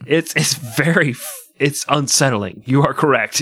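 A man's voice: mid-range voice, measured pace, fairly bright tone, husky. Joking man swearing on a podcast. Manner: joking, swearing, laughs a lot. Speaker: podcast co-host. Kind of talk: casual chat.

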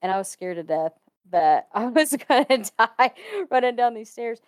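A woman's voice: fairly high pitch, lively intonation, normal speed, smooth, dry recording, clean studio sound. A woman casually telling a personal ghost story, chatty and laughing often between sentences.

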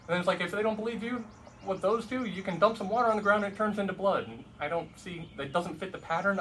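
A man retelling a Bible story in a relaxed, joking way, with a fairly high voice. He sits at a distance from the mic, and faint noise sits behind him. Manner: conversational and humorous, with asides. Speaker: Bible teacher.

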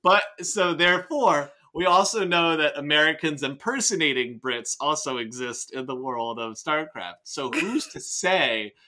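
A man with a fairly high, pushed and bright voice speaks at a measured pace with lively intonation and hardly any pauses. He hosts a casual podcast where he reads and picks apart a novel, rambling, joking, swearing often and restarting a lot.

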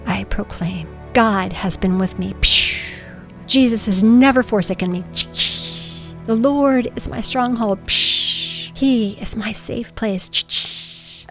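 A woman's voice: medium pitch, darkish tone. A middle-aged woman reading her own personal story aloud in an earnest, emotional way. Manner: emotional, earnest storytelling with spoken sound effects. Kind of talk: personal memoir narration.

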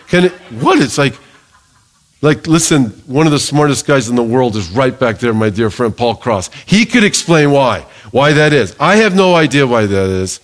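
A middle-aged male pastor preaching a sermon in a lively, joking way, calling for amens from the congregation. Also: a little high.

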